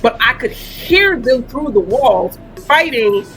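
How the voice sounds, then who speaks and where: Higher-voiced woman chatting over faint music. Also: animated, slow, fairly bright tone. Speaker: podcast co-host. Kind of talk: casual storytelling chat.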